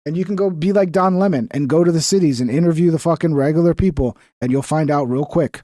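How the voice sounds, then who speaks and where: A man's voice: a little high, fast talker, mellow, no echo, clean studio sound. A young man giving heated, profane commentary while reacting to news clips. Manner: heated, profane, exasperated ranting.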